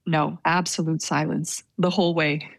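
A young woman telling a personal story in an interview, soft-spoken and hesitant with many fillers. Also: low voice, flat delivery, normal speed, gravelly, no echo, clean studio sound. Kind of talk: conversational storytelling.

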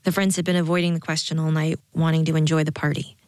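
A woman narrating a story in a calm, measured audiobook style. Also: deep voice, no echo, clean studio sound.

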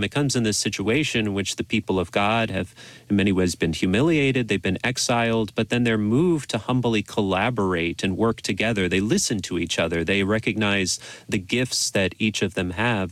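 Priest-professor guest, lowish voice, careful explainer, dry studio sound. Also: male voice, no echo. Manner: thoughtful, measured explanations with small restarts. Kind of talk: radio interview.

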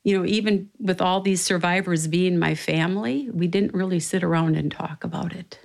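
Being interviewed, an older woman from Minnesota earnestly shares a family story, pausing to reflect and quoting others' dialogue. Her lowish, creaky voice has a darkish tone at normal speed, in a low-quality recording with music underneath.

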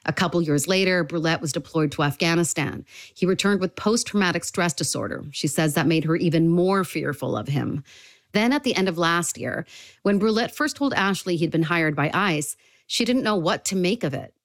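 A woman reporter narrating a news report with a measured, even delivery. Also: fairly low pitch, no echo.

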